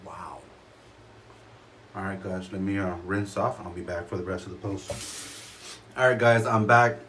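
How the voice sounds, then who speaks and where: A man with a fairly low voice talks casually to his camera about the shave he just had. He rambles and stops to restart his sentences, filling gaps with ums and uhs. A faint background noise runs under his voice in a room at home. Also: fairly even intonation. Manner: rambling, halting, many fillers and restarts. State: a little choked up. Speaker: shaving vlogger.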